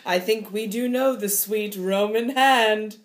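A woman reading a pompous, deluded male steward in an amateur play reading, drawling slowly. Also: mid-range voice, close to an everyday voice. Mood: smug.

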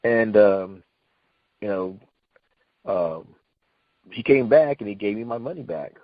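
A man's voice: fairly low pitch, lively intonation, takes it slowly, dry recording, phone-quality sound. A middle-aged man telling an old story in a casual, rambling way, full of fillers and restarts, acting out what people said. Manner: rambling, many fillers and restarts, acts out quotes. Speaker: retired wrestler guest.

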